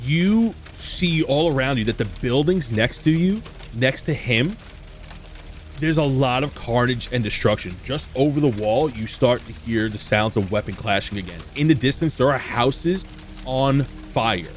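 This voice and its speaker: A man's voice: medium pitch, animated, a little slow. A man running a tabletop role-playing game as dungeon master, narrating scenes vividly.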